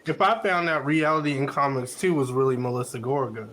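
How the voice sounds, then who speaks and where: A man co-hosting a podcast in casual chat, laid-back, with quick back-channel replies. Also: mid-range voice, background noise. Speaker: podcast co-host.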